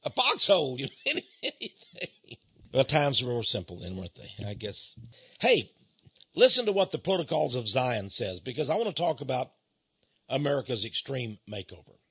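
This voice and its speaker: Middle-aged male radio preacher, husky and dry, impassioned rant with frequent laughs. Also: mid-range voice, sing-song, moderate pace, a bit bright, no room sound, highs cut off. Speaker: radio ministry host. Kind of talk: ranting radio monologue. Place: radio studio.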